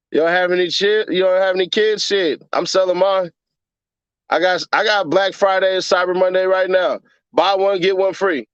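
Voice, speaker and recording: A man's voice: high-pitched, fairly even intonation, normal speed, clean tone, dry recording, muffled recording. A man, hosting a casual livestream and ranting with profane jokes. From Chicago, USA. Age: 30s. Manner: profane joking rant, puts on mocking voices. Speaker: livestream host.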